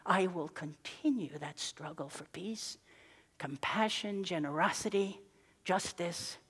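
An older woman giving a conference talk, telling lively personal stories with asides and tag questions, laughing at herself now and then. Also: lowish voice, slow pace, slightly rough. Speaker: guest speaker. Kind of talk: storytelling keynote speech. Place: conference hall. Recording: long hall reverb.

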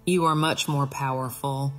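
A woman voicing a sweet, soothing female tea rose who coos gently in a storybook. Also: a bass voice, fairly even intonation, moderate pace, soft background music.

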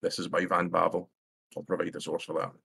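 Husky Scottish man reading a debate case. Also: low-pitched, completely flat delivery, pushed and bright, no echo. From Scotland. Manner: formal, academic, with filler pauses. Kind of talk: reading a prepared debate statement.

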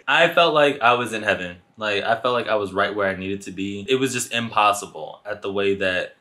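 A man vlogger telling a storytime, acting out the dialogue and swinging into high voices. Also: brisk, few pauses, sharp tone. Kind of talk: storytime narration.

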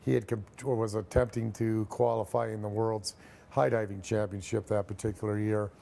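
Middle-aged ex-athlete, deep gravelly fry, dark tone, tells an animated story to an interviewer. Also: male voice, moderate pace. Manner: lively storyteller who acts out the dialogue. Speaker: former professional high diver, interview guest.

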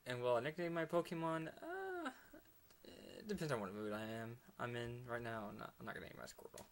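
A man giving excitable let's play commentary, laughing often and slipping into whispered asides. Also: mid-range voice, a little fast, gravelly. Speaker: gamer.

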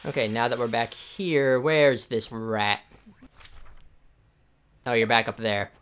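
Relaxed man commenting on gameplay. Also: mid-range voice, slow, smooth. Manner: relaxed, rambling, self-correcting. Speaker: let's play host. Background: game music.

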